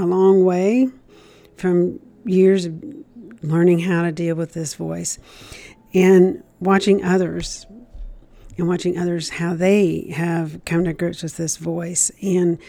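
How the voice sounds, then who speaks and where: Low, gravelly woman giving a devotional talk. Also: warm tone. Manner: conversational, repeats herself, acts out the inner voice. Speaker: Christian speaker. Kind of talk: casual devotional teaching.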